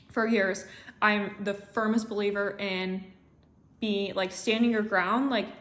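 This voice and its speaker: A young woman from the United States vlogging casually, recounting a travel day in a chatty, animated way with lots of filler words. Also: mid-range voice. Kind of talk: casual storytelling vlog.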